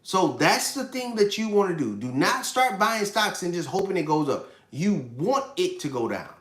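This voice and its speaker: A man's voice: high voice, very animated, moderate pace, echoey room. A man in his thirties hosting a casual live finance stream, talking emphatically, repeating his points and answering chat questions. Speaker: livestream host.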